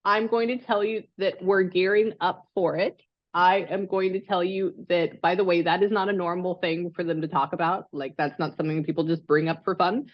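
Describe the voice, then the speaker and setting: A chatty, excitable woman giving a medium reading over a video call, rambling freely with fillers. Her voice sits fairly low. The sound is dry and a little dull, like call audio. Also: moderate pace, no room sound. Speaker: psychic medium.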